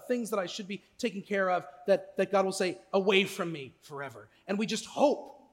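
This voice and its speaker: High-voiced male pastor preaching. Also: in a large hall. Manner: conversational, asks listeners "right?". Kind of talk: sermon.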